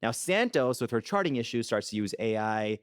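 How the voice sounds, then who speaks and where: A man's voice: medium pitch, sing-song, brisk, smooth, no echo, studio quality. A man co-hosting a podcast about a TV drama, chatting casually and explaining medical terms from his own clinical work. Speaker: podcast co-host. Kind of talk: casual discussion of a TV episode.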